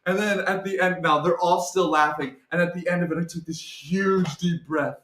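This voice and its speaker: A young man tells a personal story with plenty of energy. He acts out every voice in it, drops to soft asides and builds to full shouts. The room is echoey. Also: a little high, normal speed. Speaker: guest storyteller.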